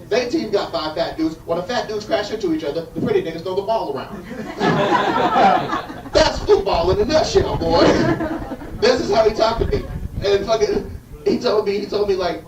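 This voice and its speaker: A man's voice: high-pitched, sing-song, measured pace, long pauses, over a noisy crowd, heavy background noise. A man doing a loose, profane stand-up comedy set at a backyard show, with the audience laughing. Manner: loose, profane, riffing storyteller. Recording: roomy, distant live recording.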